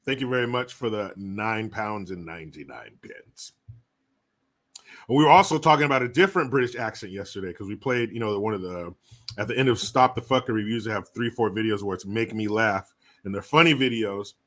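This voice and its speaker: A man's voice: on the low side, brisk, a bit bright. A man hosting a livestream, reading out viewer messages and chatting loosely with lots of swearing and jokes. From United States. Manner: loose, swearing, jokey, slips into put-on voices. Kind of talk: casual profane livestream chat.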